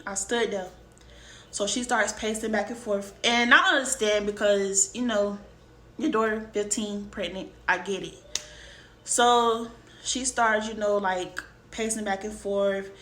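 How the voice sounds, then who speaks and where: A woman's voice: mid-range voice, steady tone, unhurried, fairly bright tone. A young woman vlogger casually telling a personal story, talking emphatically straight to her viewers. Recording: roomy room, faint background noise.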